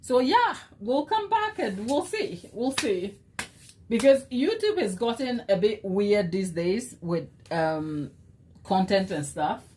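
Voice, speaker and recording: Woman, live-stream host, casual chat, teasing, unhurried, lively pitch. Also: slight background noise. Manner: chatty, teasing and quick to laugh; talks to herself to calm down. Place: home kitchen.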